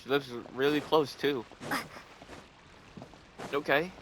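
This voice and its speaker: A man's voice: fairly high pitch, steady tone, takes it slowly, background noise. A man streaming a video game, commenting casually and echoing the characters' lines. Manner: mimics and reacts to game lines.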